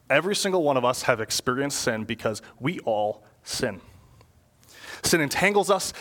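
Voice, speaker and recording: A young adult man preaching a sermon in church, casual and animated, using slang and frequent rhetorical questions. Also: on the high side. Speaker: pastor.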